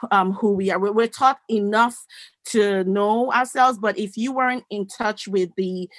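An adult woman speaks as an interview guest, recounting her life in an animated, conversational way that acts out snippets of remembered dialogue. Her voice sits in an ordinary middle register, and the recording is dry and close with no room sound. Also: mid-range voice, no echo. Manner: animated, acts out quoted dialogue, many restarts. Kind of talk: conversational storytelling.

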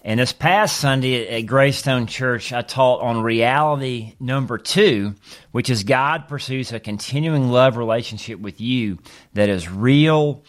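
A male pastor teaching through a Bible study on his podcast. He speaks in an earnest, steady way at a middle pitch and reads verses aloud between his explanations. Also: a little slow.

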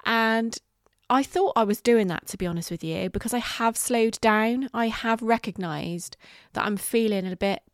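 A woman's voice: a little high, no room sound. Candid woman podcaster, dry sound. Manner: candid and reflective, halting with fillers, some swearing. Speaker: podcast host. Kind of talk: casual solo podcast monologue.

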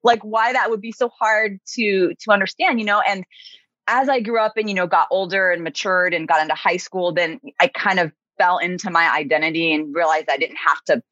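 A woman's voice: on the low side, fairly even intonation, a little fast, sharp tone, dry recording. A woman guest on a podcast, speaking earnestly and reflectively in casual conversation, with many "you know"s. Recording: muffled, dry remote recording.

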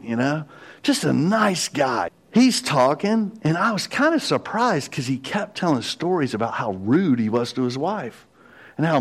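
Man, pastor, sermon, personal confession story, very animated pitch, middle-aged. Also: slightly rough. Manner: storytelling with quoted voices, confessional.

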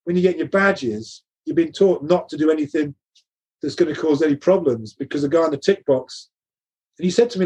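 A man's voice: fairly high pitch, fairly quick, a little mellow, husky. A middle-aged man telling stories from his coaching career, laughing often and acting out the dialogue he quotes. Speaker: guest recounting coaching career. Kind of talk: animated anecdotal storytelling.

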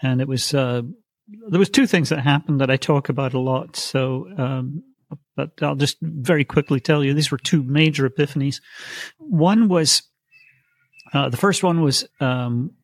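Middle-aged man, psychic guest; halting, restarts often, wry chuckles; dry close mic. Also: medium pitch, dry recording. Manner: hesitant, many fillers and restarts, wry chuckles. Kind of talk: conversational storytelling.

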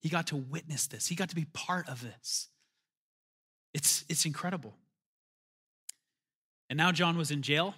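A man's voice: a little high, unhurried, long pauses, pushed and bright, husky. A man preaching a conversational sermon as pastor, calling for amens and building to emphatic bursts.

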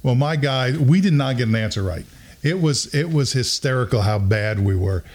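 A middle-aged man hosts a podcast and tells a long, funny story in a casual way. He breaks into laughter and acts out what people said. His voice sits at an average pitch. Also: moderate pace. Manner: animated, acts out quotes with laughter. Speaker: podcast host.

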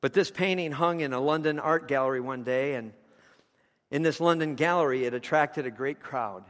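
Impassioned preacher in a reverberant hall. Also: male voice, on the high side, normal speed, fairly bright tone. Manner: impassioned storytelling with rising and falling intensity. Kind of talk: sermon.

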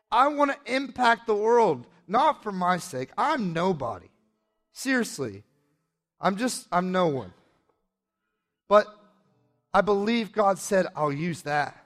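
A man preaching a sermon and telling a personal testimony, passionate, moving between hushed moments and excited shouts. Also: high voice, slow pace, long pauses.

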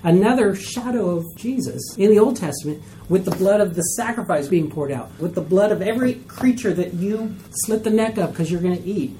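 A woman teaching a Bible study class to a group, animated and acting out skeptical listeners' reactions. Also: medium pitch, fairly quick, slight background noise. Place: room with a group.

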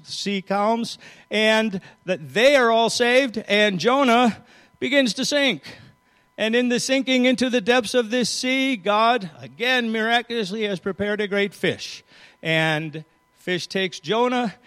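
High-voiced preacher man in an echoing hall. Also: fairly bright tone. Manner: storytelling, reading scripture aloud with changing emphasis. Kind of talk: sermon.

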